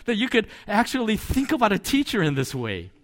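Lively, conversational male preacher. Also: sits high, brisk. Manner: conversational, storytelling with asides and chuckles. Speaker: pastor. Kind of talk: sermon.

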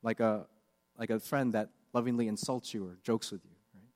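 A man's voice: on the low side, steady tone, fairly quick, darkish tone, big-room sound. A man preaching a sermon with earnest, confessional questions. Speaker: pastor.

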